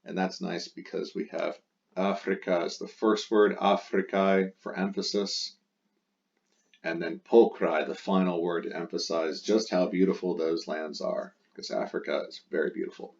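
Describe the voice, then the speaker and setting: A man with a very low voice explains a language exercise in a patient, step-by-step way, going back over the key words again and again. The sound is dull and lo-fi, like a simple home recording. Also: little pitch movement, measured pace, vocal fry, a little mellow. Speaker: Latin teacher.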